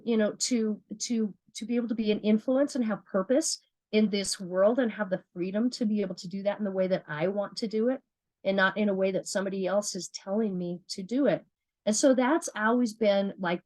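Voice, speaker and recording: A woman's voice: medium pitch, darkish tone, no room sound, rough recording. Earnest woman giving sales training. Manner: earnest, repeats words, asks herself questions. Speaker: business trainer. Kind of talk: motivational sales training talk.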